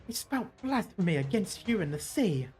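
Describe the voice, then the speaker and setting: Streamer reading as a fanatical bishop, stern, quiet commanding delivery, middle pitch, faint background music. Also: big pitch swings, moderate pace, slightly rough. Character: fanatical male bishop ordering a sea creature. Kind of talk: reading game dialogue aloud.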